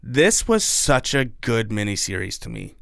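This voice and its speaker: A man's voice: lowish voice, very animated, measured pace, gravelly, fairly bright tone, dry recording, clean studio sound. A man co-hosting a podcast in casual chat, laughing and swearing freely. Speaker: podcast co-host.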